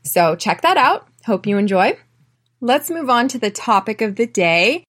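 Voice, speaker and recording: An American woman hosting an English-learning podcast, telling personal stories and drilling phrases slowly for listeners to repeat. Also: on the high side, very animated, a bit bright. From United States. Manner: clear, slow drilling in repeat-after-me phrases; chatty, often tags lines with "right?". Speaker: podcast host and English teacher. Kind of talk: podcast lesson.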